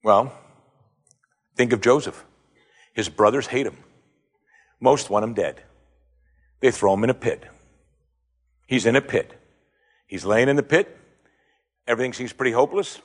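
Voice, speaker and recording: A man preaches a sermon at an unhurried pace, firing off rhetorical questions and pausing often. His delivery climbs to emphatic high points, then sinks low again.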